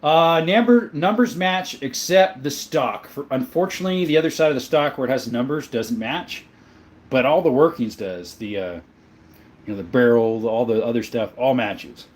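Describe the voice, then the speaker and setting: A man's voice: medium pitch, moderate pace. Friendly man chatting on a livestream. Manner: friendly, answers viewer questions about his gun collection; often says "my friend" and "mate". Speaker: livestream host reading chat. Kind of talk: casual livestream chat.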